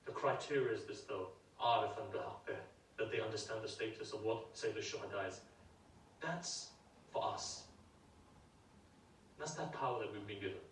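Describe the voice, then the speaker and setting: A man delivering a sermon, telling a sacred story with deep emotion and rising into emphatic pleas. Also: fast talker, slight background noise. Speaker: preacher. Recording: roomy, from far off the mic.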